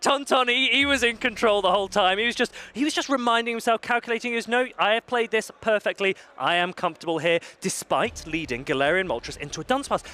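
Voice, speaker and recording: Bright, high-voiced male commentator. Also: slight background noise. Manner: excitable, rises sharply at key plays. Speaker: esports commentator. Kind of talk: live play-by-play commentary.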